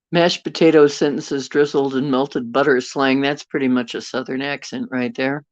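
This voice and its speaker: Woman chatting slow on a livestream from her bedroom, rambly, dull phone audio, dry. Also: rumbling low, steady tone, no echo. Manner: rambling, chatty, reads viewer comments aloud. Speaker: livestream host. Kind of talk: casual chat with viewers.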